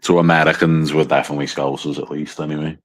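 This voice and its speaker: A man's voice: rumbling low, little pitch movement, quick pace. A man with a mild northwest English accent from near Liverpool, hosting a casual livestream with dry, self-deprecating teasing and swearing. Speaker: livestream host. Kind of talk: casual banter to a small live chat.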